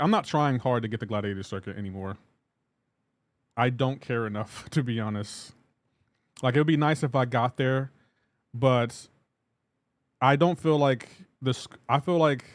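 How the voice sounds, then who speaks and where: A man's voice: medium pitch, normal speed, pauses often, no echo. Exasperated streamer man, dry close sound. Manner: exasperated ranting, repeats himself. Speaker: game streamer. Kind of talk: live-stream commentary reading chat.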